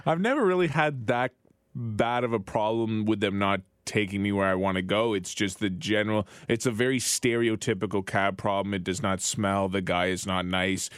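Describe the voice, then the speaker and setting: Relaxed male co-host, low voice, dry close sound. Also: normal speed, clean tone, dry recording. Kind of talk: casual chat.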